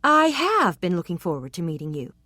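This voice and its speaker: A woman voicing an eager, slightly bumbling young gentleman in an audiobook, earnest in manner. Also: medium pitch, expressive, moderate pace, dry recording, clean studio sound, pitched above the performer's own voice, natural voice. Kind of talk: audiobook character reading.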